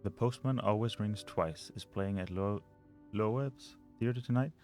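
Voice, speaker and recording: A man's voice: lowish voice, a little slow, dark tone, faint music behind. A man playing a mystery video game, reading notes and letters aloud and muttering over the puzzles. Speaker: let's play gamer.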